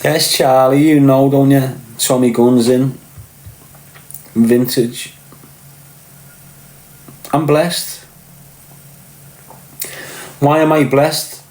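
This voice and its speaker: A man's voice: medium pitch, fairly even intonation, extremely slow, pauses often, darkish tone. A middle-aged man with a Liverpool accent, hosting a live stream and telling crude, boastful, profane stories while answering viewers by name. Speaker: livestream host. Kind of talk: crude casual storytelling to live chat. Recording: roomy echo.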